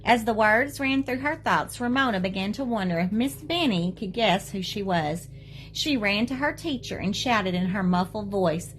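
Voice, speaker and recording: Teacher, woman, reads children's book to class, gentle, animated, light hiss behind. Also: mid-range voice, normal speed. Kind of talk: reading a children's book aloud.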